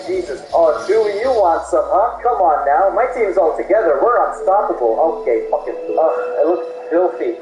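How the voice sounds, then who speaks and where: Young male game commentator, high, jumpy pitch, excitable and foul-mouthed, echoey room. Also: normal speed, few pauses. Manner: excitable, swearing, joking at the game. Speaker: gameplay commentator. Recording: roomy echo, faint music behind.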